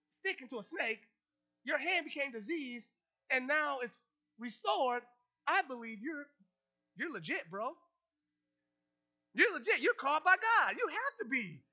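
A male preacher giving an animated sermon, calling out questions to the congregation and making playful asides. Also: very high-pitched. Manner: animated, call-and-response, joking asides. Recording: slightly muffled recording.

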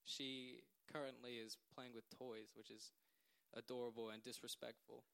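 A man's voice: medium pitch, level tone, moderate pace, vocal fry, a bit bright, a little hiss or hum. A man in his late teens giving a heartfelt thank-you speech to a gathering, earnest and rambling and laughing at himself.

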